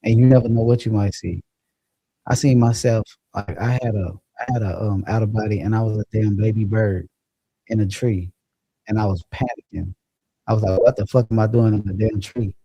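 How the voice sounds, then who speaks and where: A man's voice: fairly low pitch, steady tone, moderate pace, warm tone, husky, no echo, lo-fi sound. A man hosting a casual livestream, chatting loosely and profanely and laughing as he reads viewer comments. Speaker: livestream host. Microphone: phone or computer mic.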